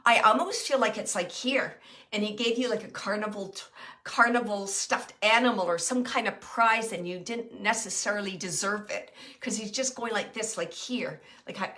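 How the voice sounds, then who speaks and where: A woman with a bright, clear voice gives a live psychic reading to her viewers. She thinks aloud, hesitating often and filling pauses with small sounds as she describes impressions the moment they come to her. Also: medium pitch. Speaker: psychic medium.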